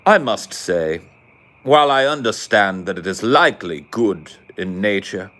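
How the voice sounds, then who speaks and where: A man's voice: lowish voice, animated, measured pace, a bit bright. A man voicing a pompous, easily offended posh British man who speaks in prim, mock-formal phrases.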